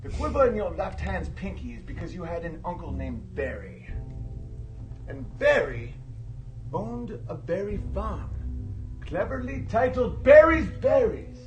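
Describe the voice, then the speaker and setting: A pompous detective in the style of a bad Sherlock impression, put on by a man, his voice pitched high and overdone. The fake British accent is exaggerated and overwrought. Loud guitar music plays behind him in the clip. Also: big pitch swings, a little slow. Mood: theatrical.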